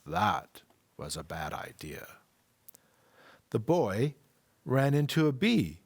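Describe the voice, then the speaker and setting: Slow, expressive man reading a story. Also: mid-range voice, husky. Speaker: worship leader. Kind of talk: reading a children's story aloud.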